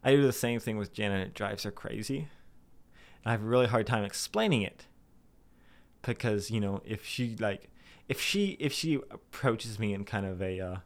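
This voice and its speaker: A young man talking candidly to his viewers, rambling and self-deprecating, with many restarts and some swearing. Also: moderate pace. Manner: puts on anxious inner voices in a sudden high pitch. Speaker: vlogger. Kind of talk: candid personal monologue to camera.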